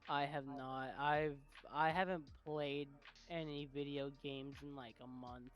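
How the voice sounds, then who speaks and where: A young man chatting as a podcast co-host, drunk, excitable, swearing and laughing a lot. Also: a little high, measured pace, soft background music. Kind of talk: casual chat.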